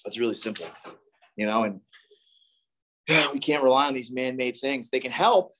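A man's voice: mid-range voice, moderate pace, a bit bright, husky. A man in his thirties telling a rambling, profane story at a recovery meeting. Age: 30s. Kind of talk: casual storytelling talk.

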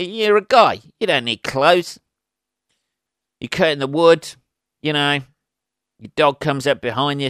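A man's voice: medium pitch, a bit bright, clear, resonant tone, dry recording, clean studio sound. A man hosting a solo comedy podcast, rambling crudely and laughing at his own jokes. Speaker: podcast host.

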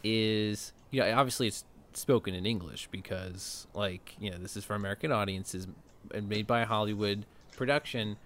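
A man's voice: on the low side, moderate pace, a bit bright, slight background noise. A man co-hosting a podcast, chatting casually about a film and thinking aloud with plenty of fillers. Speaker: podcast co-host.

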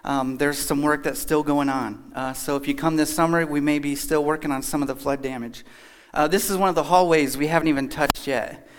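A man's voice: on the high side, fairly even intonation, a little fast, few pauses, smooth. Chatty folksy man from Kentucky. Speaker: guest speaker. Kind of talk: casual church talk with jokes. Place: church hall.

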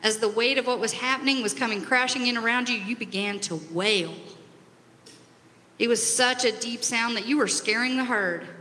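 A woman retelling a parable in the second person, with expressive, dramatic storytelling. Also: fairly high pitch, moderate pace. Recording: long hall reverb.

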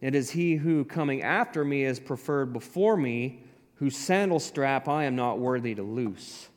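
A man preaching a sermon, animated, acting out the voices in the scripture he quotes. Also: medium pitch, unhurried. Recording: long hall reverb.

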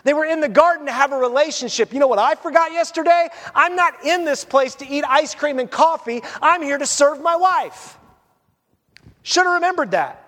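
A man preaching a sermon as a pastor, animated and conversational. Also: very high-pitched, normal speed, long reverb tail.

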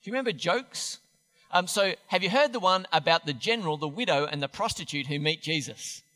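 A man's voice: fairly high pitch, expressive, brisk, pushed and bright, big-room sound, soft background music. A man preaching a sermon in a church, chatty and self-deprecating, often restarting his sentences. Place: church hall.

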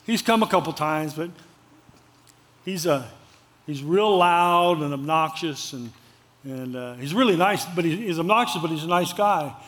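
A man's voice: a little high, measured pace, fairly bright tone. A male pastor preaching a sermon in a conversational, storytelling way, repeating phrases for emphasis.

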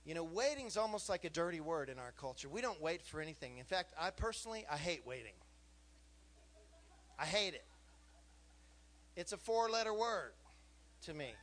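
A man in his fifties preaching a sermon to a congregation, animated and joking, asking the room questions. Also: on the high side, fairly quick. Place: church hall with a congregation.

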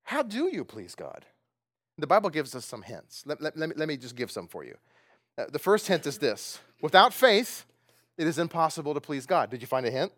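Animated preaching man, lively pitch. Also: a little fast, no echo, studio quality. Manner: animated and conversational, asks the audience questions; laughs often while preaching. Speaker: pastor. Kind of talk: sermon.

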